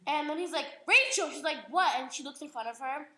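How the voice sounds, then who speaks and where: A teenage girl retelling a story aloud in an animated, giggly way, full of "like". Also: sits high, quick pace. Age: teens. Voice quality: giggly, lots of "like". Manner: animated, acts out the voices. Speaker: young storyteller. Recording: echoey room with faint noise.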